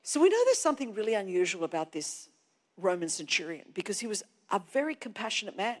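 A woman preaching a sermon from a church stage. She presses hard on key words and climbs into shouts. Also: medium pitch, sing-song, fast, long reverb tail. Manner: emphatic, stretching key words and rising to shouts. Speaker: pastor. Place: church hall.

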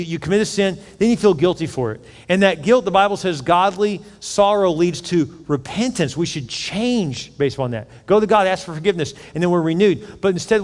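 A man's voice: a little high, big-room sound. A male pastor preaching a sermon, acting out people's inner voices as his volume swells and drops. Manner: preaching with acted-out inner voices, rising and falling in loudness.

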